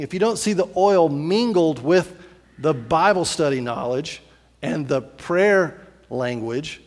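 A man preaching a sermon as pastor, animated and repetitive, acting out little voices as he tells a story. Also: fairly high pitch, big-room sound.

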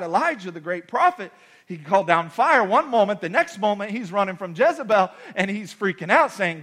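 A male pastor preaching in a church with a high, bright voice. He builds from quiet reflection into shouted, pleading prayers and keeps calling out to the congregation. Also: very animated, normal speed. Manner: preaching with rising shouts and dramatic acted-out prayers; repeats phrases for emphasis, calls out to the congregation. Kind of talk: sermon.

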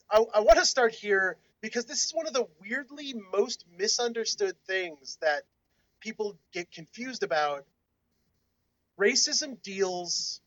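A man's voice: high-pitched, a bit bright, dull audio. A man co-hosting a podcast in a casual discussion, explaining his points at length in a lecturing way. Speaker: podcast co-host.

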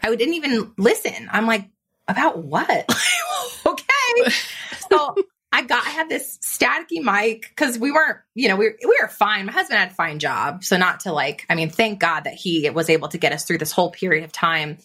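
Bright-voiced woman telling her story. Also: medium pitch, breathy edge. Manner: animated, fast-flowing, quotes her own inner voice. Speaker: podcast guest, business coach. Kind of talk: conversational interview storytelling.

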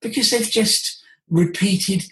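Male voice coach, animated and conversational, teaching tone. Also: high voice, slow, poor audio. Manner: animated, demonstrates vocal sounds.

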